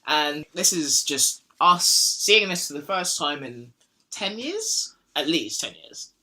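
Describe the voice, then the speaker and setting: Bright, rambling young male podcast host. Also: on the high side, lively intonation, slow pace. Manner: rambling, jokey, slips into silly put-on voices. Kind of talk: casual podcast chat.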